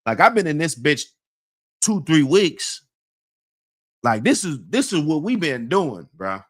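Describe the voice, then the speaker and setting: A man's voice: a little high, big pitch swings, a little slow, no room sound, clean studio sound. A man casually telling a long story in heavy slang, rambling with many fillers and laughing often as he talks.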